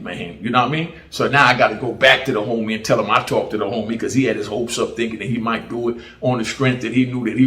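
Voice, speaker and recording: A man's voice: medium pitch, fairly bright tone. A man with a mixed Jamaican and American accent tells prison stories in casual street slang, often asking "you know what I mean". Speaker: former prisoner telling stories. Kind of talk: casual storytelling. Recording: roomy echo.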